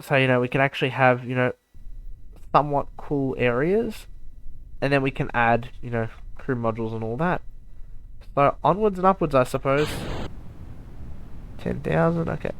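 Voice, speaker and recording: A man's voice: mid-range voice, moderate pace, pauses often, no echo. A man giving live commentary over a space game, talking straight to his viewers, by turns muttering and exclaiming in exasperation. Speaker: gaming YouTuber.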